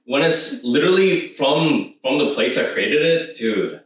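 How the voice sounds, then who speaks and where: A man's voice: mid-range voice, expressive, a little slow, a little hiss or hum. A man guesting on a podcast, chatting casually and animatedly, laughing often and swearing freely. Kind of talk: casual chat. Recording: echoey room, mic at a distance.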